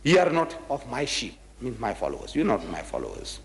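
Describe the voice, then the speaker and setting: Male lecturer, South African accent, emphatic and mocking, highly expressive pitch, reverberant hall recording. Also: creaky. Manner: emphatic and mocking, reads scripture slowly and solemnly. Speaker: lecturer on religion. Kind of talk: animated public lecture.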